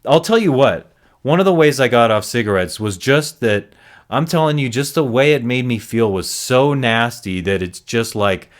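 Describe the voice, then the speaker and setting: A man's voice: mid-range voice, lively intonation, normal speed. A man hosting a solo recovery podcast, talking earnestly and reflectively with frequent restarts.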